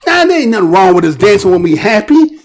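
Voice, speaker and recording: A man's voice: high voice, big pitch swings, fast. An American man hosting his own channel, giving rambling, conversational news commentary and often checking in with "right?". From United States. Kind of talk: casual spoken news commentary.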